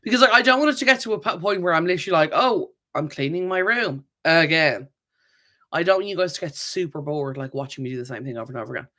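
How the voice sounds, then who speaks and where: A woman chatting through a live Q&A with her viewers. She talks loosely and warmly off the cuff, stopping to react to comments with a quick laugh. Her sentences wander and restart as she thinks out loud. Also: fairly low pitch, animated. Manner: chatty and rambling, reading viewer comments aloud; laughs often, many fillers and self-corrections. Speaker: channel host. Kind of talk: live-stream Q&A chat.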